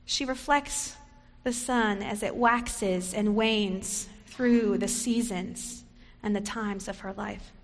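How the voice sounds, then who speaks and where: A woman pastor delivering a sermon in a measured, reflective storytelling manner. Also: medium pitch, fairly even intonation, long reverb tail.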